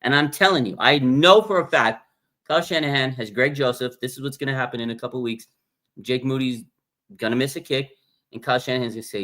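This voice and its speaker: On a casual fan livestream, a male host with a mid-range, sharp-toned voice talks fast, bluntly and with animation, reading out viewer comments and reacting to each one.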